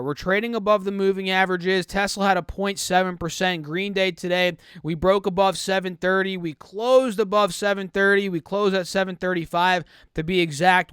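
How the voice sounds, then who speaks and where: A man's voice: high voice, a bit bright, smooth, dry recording, clean studio sound. A young man giving casual stock market commentary, recovering from an illness and a little choked on his words. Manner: quick, chatty, self-correcting.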